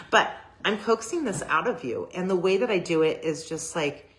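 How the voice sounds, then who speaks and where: A middle-aged woman with a notably low voice talks about her photography in a loose, rambling way. She gushes and fills her talk with fillers and restarts. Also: lively intonation, a little slow, fairly bright tone. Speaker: boudoir photographer. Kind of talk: casual personal talk to camera.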